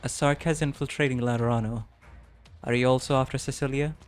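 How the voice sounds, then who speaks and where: A man streaming a game, reading its dialogue aloud and reacting with excitable, rambling restarts. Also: mid-range voice, fairly quick, soft background music.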